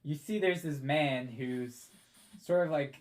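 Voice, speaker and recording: A man's voice: fairly high pitch, takes it slowly. A man narrating as dungeon master in a casual, rambling way. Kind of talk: narrating a tabletop game.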